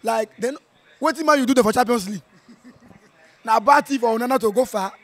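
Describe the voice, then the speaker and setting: A Nigerian man with a strained voice from shouting, reacting to a football match in an animated, playful way, slipping into Pidgin. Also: very high voice, brisk. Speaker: football fan. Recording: outdoor viewing center.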